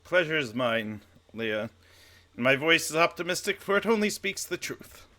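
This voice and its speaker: A man playing a thin, self-righteous orator who speaks in a stiff, haughty, measured way. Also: on the high side, sing-song, pushed and bright. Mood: lofty.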